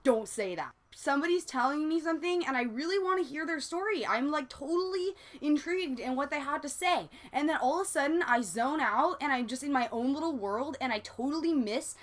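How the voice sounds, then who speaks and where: A young woman in her twenties with a high voice and a Southern Californian accent vlogs casually. It's a rambling, confessional talk full of "like" and casual swearing.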